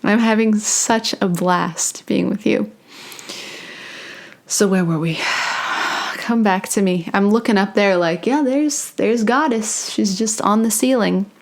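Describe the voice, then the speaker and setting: A young adult woman channeling spirit in a casual talk to camera, playful and drifting into soft whispered asides. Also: medium pitch, fairly even intonation, slow pace, vocal fry. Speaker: spiritual channeler and meditation host.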